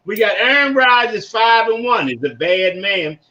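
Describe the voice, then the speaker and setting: Older Baltimore man, high voice. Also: unhurried. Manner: rambling, animated storytelling with slang. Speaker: podcast host. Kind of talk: casual sports talk. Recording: dull lo-fi recording.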